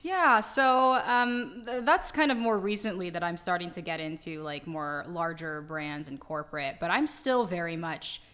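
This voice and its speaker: A woman's voice: lowish voice, moderate pace, few pauses, fairly bright tone. A woman guest, a former newscaster, answering interview questions earnestly and thoughtfully, with fillers like "um" and "like".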